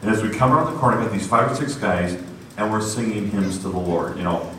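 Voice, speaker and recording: A man's voice: fairly low pitch, quick pace. A man telling a story in a sermon, acting out the voices of the people in it. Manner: animated, acts out voices in his story. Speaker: preacher. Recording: roomy echo, distant from the mic, faint noise.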